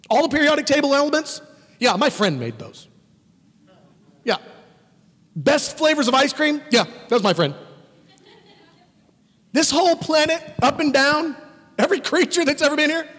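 A man preaching a sermon as a pastor, animated and emphatic, swinging between exclamations and quiet asides. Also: very high voice, big-room sound.

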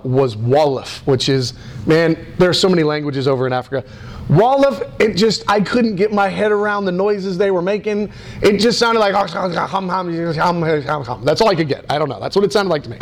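A middle-aged American man preaching, telling a story with lots of fillers and restarts in an animated, excitable way. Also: high voice, a little fast. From United States. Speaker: pastor. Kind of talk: sermon storytelling.

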